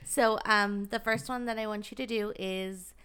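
A woman's voice: medium pitch, steady tone, normal speed, fairly bright tone, clear, resonant tone. A woman hosting a casual chat, giggly and teasing. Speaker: host.

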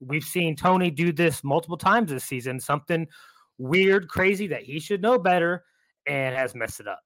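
A man co-hosting a sports podcast, making his points in a measured, reasoning way. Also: on the high side, fairly bright tone, dry recording. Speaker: podcast co-host.

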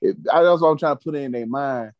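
A man's voice: fairly high pitch, fast talker, dry recording, lo-fi sound. A man hosting a casual podcast chat, telling stories animatedly with slang and profanity. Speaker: podcast host.

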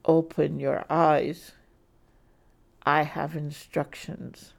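A woman's voice: deep voice, level tone, vocal fry, heavily acted. A woman playing a cold masked hypnotist. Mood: commanding. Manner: slow, commanding, muffled.

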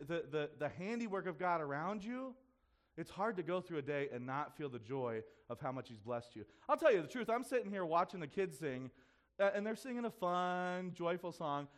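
A man in his thirties preaching as pastor, conversational and self-deprecating with playful humor, acting out the voices of people he quotes. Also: high voice. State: runny nose. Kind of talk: sermon.

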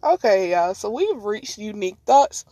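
A woman podcast host telling a story in an animated, slangy, casual way and laughing often. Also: mid-range voice, normal speed, no room sound.

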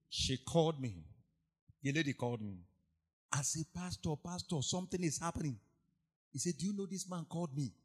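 Male pastor, sermon delivery, lively pitch that sits a touch high, dramatic storyteller. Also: breathy edge. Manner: animated storytelling, acts out quoted voices, swings from hushed to shouted.

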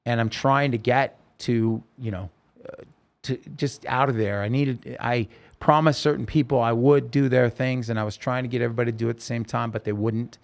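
A man, a podcast guest, telling a personal story in a halting, emotional way with many restarts. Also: medium pitch, steady tone, gravelly.

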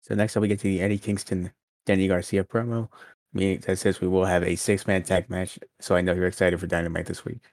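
A man co-hosting a wrestling podcast, quick and sarcastic in casual chat. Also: low voice, flat delivery, a little mellow, dry recording, clean studio sound. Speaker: podcast co-host.

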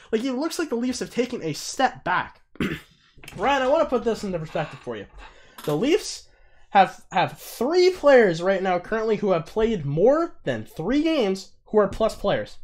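A man's voice: high-pitched, normal speed. A young man co-hosting a casual sports chat, ranting and swearing a lot. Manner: ranting, heavy swearing, excitable. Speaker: podcast co-host.

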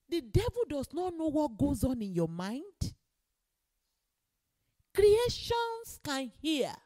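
High, animated woman preaching. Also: a little slow. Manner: emphatic, repeats key phrases, rises to exclamations. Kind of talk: sermon.

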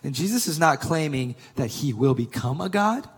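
A man's voice: on the high side, animated, breathy edge, long reverb tail. Preaching man with a ringing voice. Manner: emphatic preaching, slowing for scripture and rising on key claims. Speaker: pastor. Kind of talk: sermon.

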